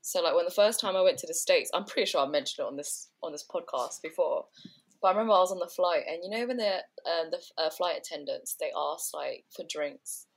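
A woman's voice: fairly low pitch, fairly quick, gravelly. A woman with a South London accent, telling stories in a casual podcast chat. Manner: animated storytelling. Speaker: podcast co-host.

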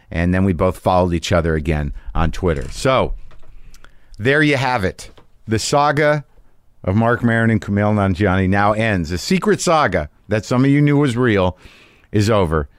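A man's voice: sits low, dry recording, studio quality. A middle-aged man hosting a podcast, telling a rambling, profane, self-mocking story in a casual monologue. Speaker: podcast host.

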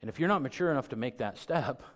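A middle-aged man preaching a sermon as pastor, talking conversationally and building to loud, emphatic peaks. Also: mid-range voice, animated, fast.

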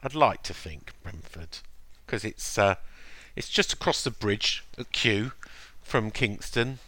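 Man from Surrey, nasal voice, bright and forceful tone, animated pitch, dry close sound. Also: dry recording. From Surrey, England. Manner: rambling, halting restarts. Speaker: podcast co-host. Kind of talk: casual chat.

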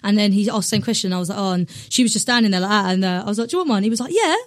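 A young woman talks fast and loosely as a podcast guest. She swears freely and slips into other voices to act out her anecdotes. The sound is dry and close. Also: mid-range voice, dry recording. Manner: animated storyteller, swears freely, acts out quotes. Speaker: poet and comedian guest. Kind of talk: casual interview chat.

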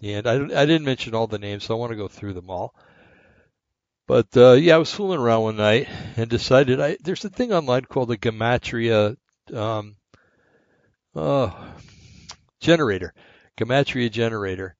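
A man's voice: medium pitch, animated, moderate pace, pauses often, no echo. A man hosting a rambling, casual monologue, short of breath and slightly shaky, with many fillers and asides. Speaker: podcast host. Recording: dull, lo-fi and dry.

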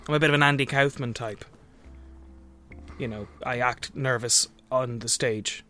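A man's voice: medium pitch, fairly even intonation, measured pace, bright, forceful tone, soft background music. A man co-hosting a comedy podcast, chatting casually, often stumbling over and restarting his words. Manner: stammering, restarts words, laughs at own bits. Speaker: podcast co-host. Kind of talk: improvised comedy podcast banter.

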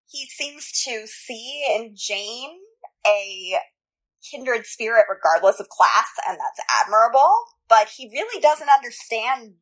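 A woman co-hosting a book podcast, measured and thoughtful in her points. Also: fairly high pitch, a bit bright, rough recording. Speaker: podcast co-host. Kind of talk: casual book discussion.

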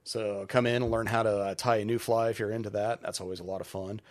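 A man who owns a brewery, talking casually as a podcast guest, relaxed and rambling with lots of filler ums. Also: on the low side, fast talker. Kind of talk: casual interview chat.

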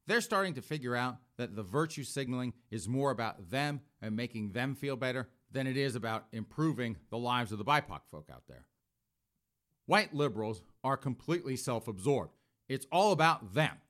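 Snarky commentator, fifties, animated up-and-down delivery, man. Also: mid-range voice, moderate pace. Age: 50s. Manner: sarcastic, keeps addressing "folks". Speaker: political commentator. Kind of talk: opinionated news commentary.

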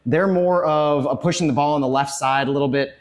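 A man hosting a casual sports podcast live from a tavern, a little out of breath and talking with quick energy. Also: on the high side. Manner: energetic, rapid listing of lineups. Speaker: podcast host. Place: bar and tavern, live on location.

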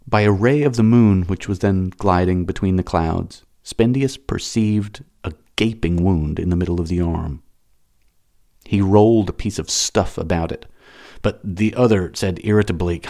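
A man reading a novel aloud as an audiobook narrator, dramatic and expressive. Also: on the low side, creaky.

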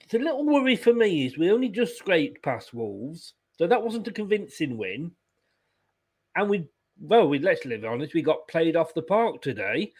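Fed-up guy hosting a footy review, kinda high voice, swears a lot. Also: sing-song, normal speed, a little mellow, slightly rough. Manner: blunt, swearing, frustrated. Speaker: host of fan post-match review show. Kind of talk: casual chat.

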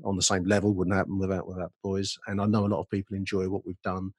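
A man co-hosting a podcast, talking in a halting, rambling way with many restarts. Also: sits low, completely flat delivery, darkish tone, no echo, studio quality. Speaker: podcast co-host. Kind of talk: casual chat.

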